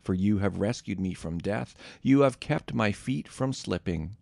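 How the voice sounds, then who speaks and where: A man reads scripture in a steady, measured way. His voice is low and gravelly, and it is recorded dry and close, with no room sound. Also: no room sound. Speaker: scripture reader.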